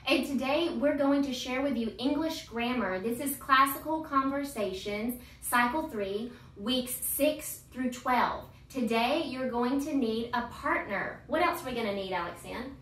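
A woman's voice: high voice, a little slow, hardly any pauses, fairly bright tone. A woman in her thirties teaching a grammar lesson, chanting verb forms in a cheerful sing-song while she coaches a child. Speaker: homeschool teacher and channel host. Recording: roomy echo, voice from far off.

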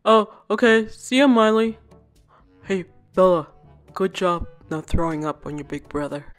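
A woman's voice: mid-range voice, lively intonation, a little slow, faint music behind, pitched below the performer's own voice, natural voice. A woman voicing a teasing teenage boy doll, a laid-back big brother in a doll play story.

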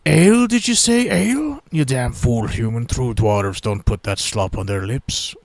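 A man voicing a drunken, boastful male dwarf mayor in a gruff, slurred, made-up accent. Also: lowish voice, normal speed, no room sound, clean studio sound. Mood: blustering drunk.

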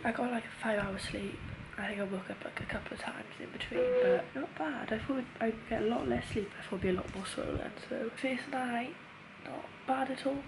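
In a noisy phone clip, a young woman talks to camera from her hospital bed while healing from nose surgery. She sounds a little high and creaky, with a brisk pace. She's talkative and emotional and laughs frequently.

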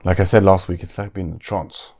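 Brief: male podcast host, very deep and gravelly, unhurried deadpan musing. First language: French. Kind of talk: casual solo podcast musing.

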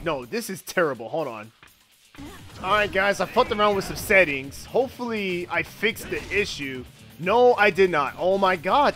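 A man giving gaming commentary, excitable and profane, reacting out loud as he plays. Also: high voice. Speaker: gaming video host.

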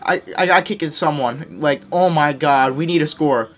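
A young man with a high, light voice narrates his basketball video game as he plays it. He is excitable and yells at the big plays. He scolds his teammates and pokes fun at his own mistakes. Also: brisk, soft background music. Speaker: gaming YouTuber. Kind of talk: live gameplay commentary.

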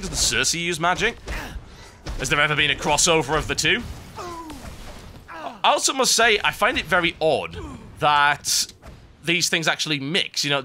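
Sarcastic male gameplay commentator, rambling, very bright tone. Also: a little high. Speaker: game commentator. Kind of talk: let's play commentary. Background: game music.

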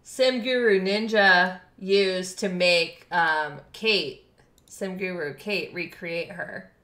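Bubbly female streamer chatting with chat; bright tone, slow easy pace. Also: on the low side, roomy sound. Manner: bubbly, reads and thanks chat, laughs often. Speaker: game streamer. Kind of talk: live game stream chat. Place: home room.

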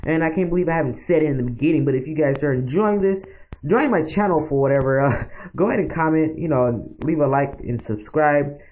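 A man's voice: fairly high pitch, fairly quick. A man giving casual, rambling commentary as he plays a game, talking straight to his viewers. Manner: chatty, rambling, talks to viewers. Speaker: gaming channel host. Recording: dull lo-fi mic with faint noise.

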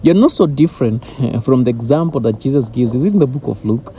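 A man's voice: mid-range voice, lively intonation, a little fast, warm tone, a little hiss or hum. A man giving an informal devotional talk as a Christian teacher, earnest and driving his points home through repetition.

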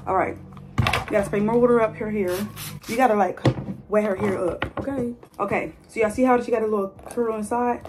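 A woman's voice: mid-range voice, fairly even intonation, a little fast. Chatty young woman vlogging hair. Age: 20s. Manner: chatty, playful, talks straight to viewers. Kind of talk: casual chat while styling a mannequin's hair. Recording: phone video with faint noise.

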